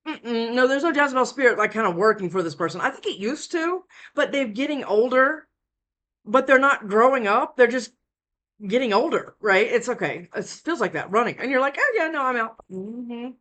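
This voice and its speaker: A woman's voice: fairly high pitch, expressive, moderate pace, fairly bright tone. A worn-out woman giving a casual tarot reading at home into a close desk mic, rambling with many restarts. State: worn out from lack of sleep. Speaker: tarot reader. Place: indoors at home.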